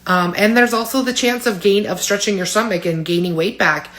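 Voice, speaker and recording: A woman's voice: mid-range voice, a little fast, fairly bright tone. A woman in her forties vlogging to camera, candid and emotional, with frequent fillers and small laughs. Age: 40s. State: tearful at times. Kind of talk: personal vlog talking to camera.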